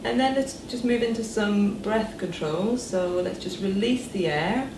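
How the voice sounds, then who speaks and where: In an echoey room with background noise, a woman voice therapist is recorded from a distance. She guides listeners through breathing and voice exercises in a calm, slow, instructional way, her voice at a medium pitch.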